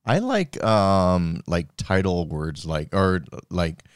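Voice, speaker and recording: Low-voiced man with lively, halting asides. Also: smooth, no echo. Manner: hesitant, halting, dry asides. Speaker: podcast co-host. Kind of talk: casual banter.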